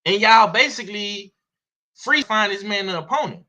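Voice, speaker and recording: A man with a Southern US accent giving blunt, slangy, profane boxing commentary in a casual, animated way. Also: sits high, normal speed.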